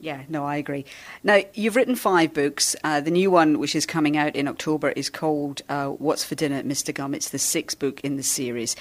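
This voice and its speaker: Lady podcast host, chatty and keen, laughs easily. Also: deep voice. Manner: chatty, enthusiastic, quick to laugh. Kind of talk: casual interview.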